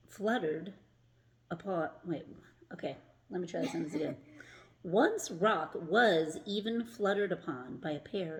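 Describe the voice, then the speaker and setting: A woman reading a picture book aloud to a child in a casual, chatty way, laughing at her own slips. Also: on the low side.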